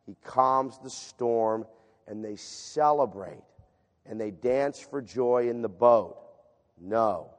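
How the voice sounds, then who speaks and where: A man preaching a sermon and reading scripture aloud, shifting from loud emphatic passages to hushed reading. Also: medium pitch, takes it slowly. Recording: long reverb of a large hall.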